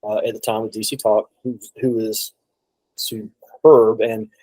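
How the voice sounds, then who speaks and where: A man's voice: fairly low pitch, little pitch movement, a little slow, dark tone, slightly rough, no echo, rough recording. Man, casual storyteller, rambling, restarts, acts out quotes, dry close sound. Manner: rambling anecdotal, many restarts and quoted asides. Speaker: guest drummer.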